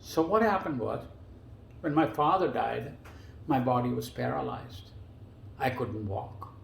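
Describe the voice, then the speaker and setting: A man with a gravelly, creaky edge tells his stories casually and with animation, leaping up in pitch whenever he acts out what others said. His voice sits at a middle pitch and rings in a roomy, echoing space. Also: unhurried, slight background noise. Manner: animated, jumps much higher in pitch for quoted dialogue. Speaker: guest storyteller. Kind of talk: casual spoken storytelling. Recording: roomy echo.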